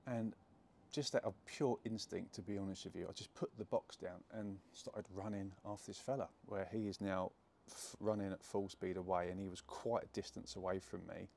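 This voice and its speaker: A young man tells a story in a chatty, rambling way with plenty of fillers. His voice sits low and has a gravelly edge. A faint hiss runs behind him. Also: moderate pace. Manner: chatty, animated, many fillers and restarts. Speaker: jiu-jitsu gym owner telling a story. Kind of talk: casual storytelling to camera.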